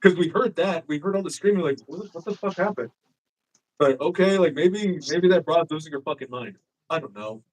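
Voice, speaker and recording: This high-leaning male voice moves fairly quickly, and the audio is poor. Guesting in a casual chat on a live-streamed show, he tells a story full of swearing and energetically performs what others said.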